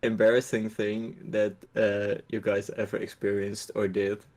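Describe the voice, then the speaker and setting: A man's voice: lowish voice, completely flat delivery, darkish tone. A man calling in to a casual chat, hesitantly asking a question. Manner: hesitant, halting.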